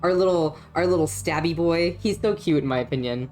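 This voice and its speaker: A young woman with a low voice chats loosely with her stream audience while she plays. She swears freely and laughs a lot. Faint music plays underneath. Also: fairly quick, darkish tone. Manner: chatty and profane, laughs often, talks to chat. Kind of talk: casual live-stream chat while playing a story game.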